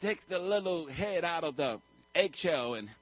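A male pastor tells his sermon as a vivid story, his husky, fairly high voice moving with lively intonation at a slightly slow pace. He swings from hushed lines to sudden loud bursts. The recording is dry and close, with no room sound and poor audio quality.

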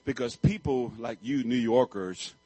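A male pastor preaching a sermon, telling a story with animated swings and sudden loud outbursts. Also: medium pitch, unhurried, husky, no room sound, poor audio.

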